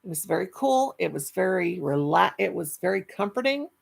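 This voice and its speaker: A woman's voice: on the low side, expressive, moderate pace, creaky, husky. A middle-aged woman hosting a casual live stream, reading chat and rambling fondly with many restarts. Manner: chatty, affectionate, rambling with restarts.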